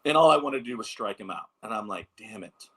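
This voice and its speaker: A man in his thirties, a former ballplayer, telling lively anecdotes in a casual interview, with lots of filler words. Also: lowish voice, fast talker, background noise. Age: 30s. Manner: animated anecdotes, many fillers. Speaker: former pro baseball pitcher, guest.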